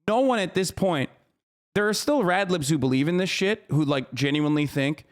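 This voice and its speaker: A man's voice: fairly high pitch, expressive, normal speed. A man streaming live, reacting to a clip in an exasperated, profane rant.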